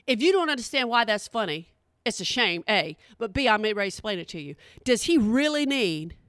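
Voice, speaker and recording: A woman's voice: fairly high pitch, fairly bright tone, dry recording, studio quality. A middle-aged woman giving a sassy, exasperated comedic rant.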